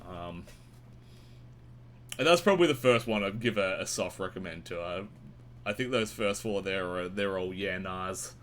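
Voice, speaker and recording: A man's voice: normal speed, pauses often, a little hiss or hum. Rambling, sweary man. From Australia. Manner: rambling, sweary and animated, with sudden jumps in pitch. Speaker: music reviewer. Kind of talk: casual monthly album roundup.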